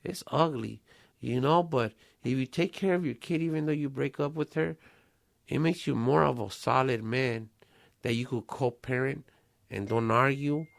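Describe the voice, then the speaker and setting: A man in his forties hosts a casual podcast conversation. He talks in loose street slang, drops Spanish phrases and swears freely, in a middle-pitched voice. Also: moderate pace, gravelly. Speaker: podcast host.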